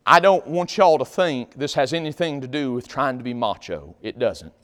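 A male pastor preaching a sermon in a church, swinging from loud shouts to quiet pleading. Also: medium pitch, animated, moderate pace, big-room sound. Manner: impassioned Southern preaching with sudden loud shouts. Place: church sanctuary.

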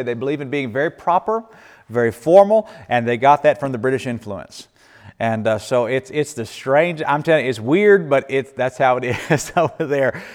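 A man, telling folksy stories and answering questions as a missionary speaker, laughing often and restarting his sentences. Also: mid-range voice. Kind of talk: church Q&A talk. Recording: echoey hall with long reverb.

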